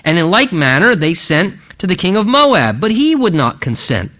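A man's voice: high-pitched, very animated, normal speed, sharp tone. A man preaching an expository sermon, working verse by verse and breaking into conversational asides. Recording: dull lo-fi recording.

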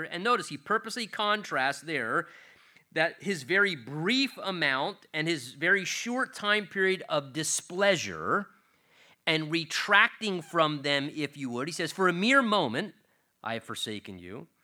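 Bright-voiced older man preaching a sermon. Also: a little high, big pitch swings, normal speed. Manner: earnest, emphatic, swells and drops in volume on key words.

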